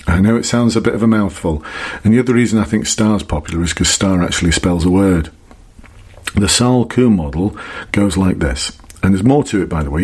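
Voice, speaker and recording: A man's voice: deep voice, darkish tone, breathy edge. A middle-aged man giving emphatic, repetitive advice as an interview coach. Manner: emphatic, repeats key points. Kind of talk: instructional talk to camera.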